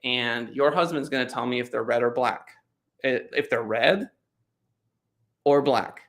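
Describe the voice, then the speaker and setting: A man's voice: medium pitch, a little slow, fairly bright tone. A man voicing a flustered male restaurant magician in a joke he is telling, anxious and eager to please.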